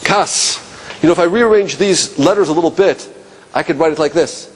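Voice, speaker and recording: A man teaching a class, asking rhetorical questions and musing aloud, dropping low and quiet on key points. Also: normal speed, slight background noise. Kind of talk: classroom lecture.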